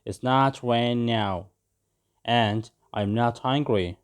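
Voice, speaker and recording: A man voicing a small, gentle male parrot who is lost and homesick, speaking in a lightly raised, earnest voice. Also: mid-range voice, slow pace, clean tone, natural voice. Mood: hopeful.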